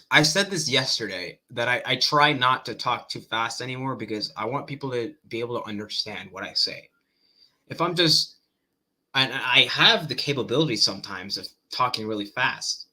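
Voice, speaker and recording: A man commenting on a debate clip in casual chat, thinking aloud, halting and repeating words as he goes. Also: medium pitch, animated, bright, forceful tone.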